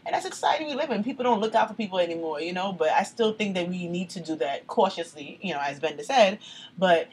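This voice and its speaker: A woman co-hosting a casual podcast chat, a lively storyteller who acts out what people said. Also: lowish voice, fast, a little hiss or hum, poor audio. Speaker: podcast co-host.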